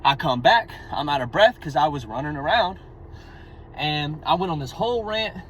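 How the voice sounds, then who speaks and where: A man's voice: on the high side, expressive, moderate pace, fairly bright tone, slight background noise, low-quality recording. A young man talking to his own camera in a blunt, rambling, profane way, a little out of breath. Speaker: vlogger. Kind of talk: casual monologue to camera.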